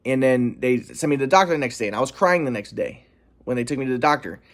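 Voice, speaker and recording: Young man, vlog monologue, aggrieved and insistent, animated pitch, mid-range voice. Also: quick pace. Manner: earnest, aggrieved, insisting on his calm. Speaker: vlogger. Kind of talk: personal storytelling monologue.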